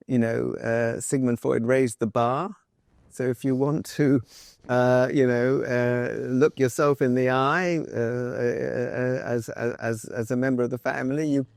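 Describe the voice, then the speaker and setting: A man's voice: mid-range voice, creaky, a little mellow, no room sound, clean studio sound. A man as an interview guest, answering in a thoughtful, wry way and telling stories about his family.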